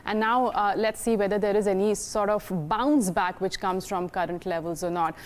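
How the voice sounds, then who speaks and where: A woman with an Indian English accent runs through futures and options figures at an ordinary pitch. She delivers the numbers as a quick, data-packed live briefing. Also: steady tone. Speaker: derivatives market reporter. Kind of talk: market data update.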